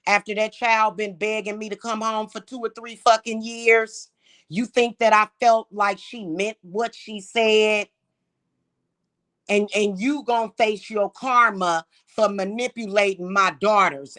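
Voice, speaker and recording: A woman speaks in a furious, confrontational vlog rant, swearing freely and mocking the person she addresses. Her voice is bright and forceful, pushing hard on every accusation. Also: medium pitch, steady tone, unhurried. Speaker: vlogger. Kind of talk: angry monologue vlog.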